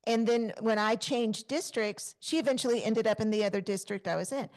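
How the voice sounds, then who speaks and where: A woman, co-hosting a podcast in casual chat and telling stories with lively acted-out exclamations. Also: on the high side, brisk. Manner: animated storyteller, acts out quoted exclamations. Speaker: podcast co-host.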